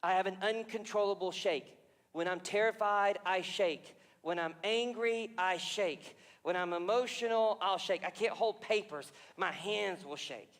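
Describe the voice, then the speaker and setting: A man preaching in a church with a high, bright voice, retelling scripture in an animated way. Personal confessions and questions to the congregation break into the story. His words echo through a large sanctuary with long reverb. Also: a little slow. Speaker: pastor. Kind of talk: sermon.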